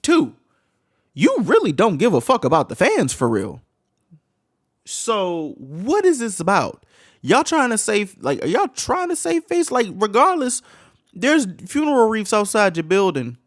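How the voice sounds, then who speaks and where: A man's voice: high voice, wildly swooping pitch, unhurried. A man hosting a reaction video, ranting in heated, incredulous, profane commentary full of rhetorical questions.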